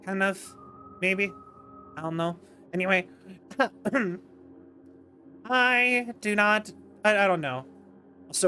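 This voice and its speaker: A man's voice: high-pitched, takes it slowly, long pauses, pushed and bright. A male streamer chatting over gameplay in a rambling, self-deprecating way. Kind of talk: live-stream gameplay chat.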